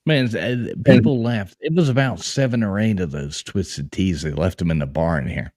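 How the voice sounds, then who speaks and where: A man hosting a live stream and chatting casually, telling lively stories with easy laughs. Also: low-pitched, moderate pace, dry recording, clean studio sound. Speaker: host.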